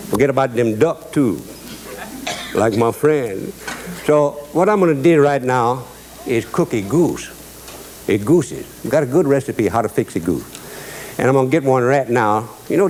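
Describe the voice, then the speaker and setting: Cajun male cooking host, medium pitch, spins homespun yarns with a chuckle. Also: a little mellow. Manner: drawling dialect storyteller, repeats "I guarantee", chuckles at his own jokes. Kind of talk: folksy cooking demonstration with storytelling.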